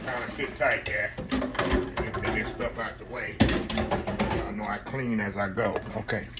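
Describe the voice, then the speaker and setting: A man's voice: on the low side, fairly even intonation, measured pace, heavy background noise. An older man hosting a home cooking video, chatting casually and folksy with viewers as he cooks in his kitchen. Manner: folksy, talks to viewers as y'all. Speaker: home cooking channel host.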